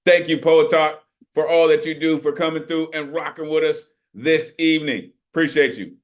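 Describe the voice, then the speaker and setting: A man hosting an online open mic over a video call, talking with energetic, emphatic hype. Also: fairly high pitch, fairly quick. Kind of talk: hyping up performers on a video call.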